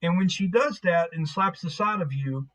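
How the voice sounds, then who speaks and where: Casual, profane game master, higher male voice. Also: moderate pace, fairly bright tone, low-quality recording. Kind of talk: narrating a tabletop game.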